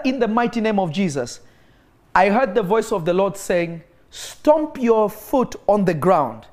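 Preaching to an online audience, a man with an extremely high, darkish voice tells of a healing. He urges his listeners on with emphatic, repeated phrases and at times slips into praying in tongues.

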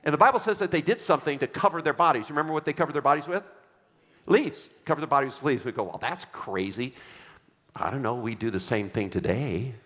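A man's voice: on the high side, lively intonation, fast talker, fairly bright tone. A man preaching a sermon as pastor, emphatic, repeating his refrains and having the congregation read along. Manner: leads the congregation in reading aloud. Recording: long hall reverb.

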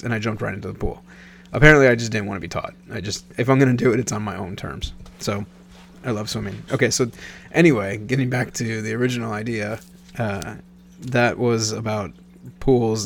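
Man, thirties, from Nebraska; low gravelly voice; casual rambling storyteller who self-corrects often; faint hum in background. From Nebraska, USA.

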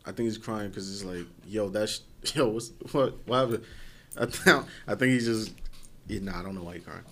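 A man's voice: on the low side, normal speed, a bit bright. A man co-hosting a podcast in casual chat, teasing and jumping in playfully. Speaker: podcast co-host.

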